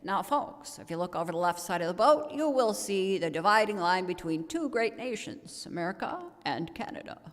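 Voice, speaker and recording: A woman's voice: fairly low pitch, animated, normal speed, hardly any pauses, voice pushed down, natural voice. Woman doing a sonorous, joking boat pilot. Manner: teasing, folksy announcer patter. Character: jovial male tour boat pilot on loudspeaker. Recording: long reverb of a large hall.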